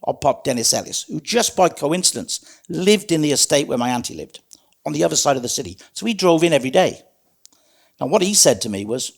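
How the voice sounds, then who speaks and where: A man's voice: on the high side, sing-song, a little fast, vocal fry. A middle-aged man, telling his life story as a guest in an interview in an earnest, plain-spoken way. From South Wales. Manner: earnest, plain-spoken, calls the host mate.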